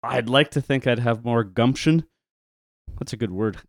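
A man with a Canadian accent and a voice of middle pitch co-hosts a relaxed chat about a Bible story. He teases and laughs easily, and the recording sounds dry and close. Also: moderate pace, no echo. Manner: playful, teasing, laughs often. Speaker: podcast co-host.

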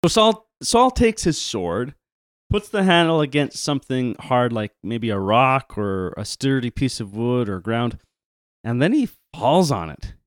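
A man with a Canadian accent and a voice of middle pitch co-hosts a relaxed chat about a Bible story. He teases and laughs easily, and the recording sounds dry and close. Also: a little slow, no echo. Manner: playful, teasing, laughs often. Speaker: podcast co-host.

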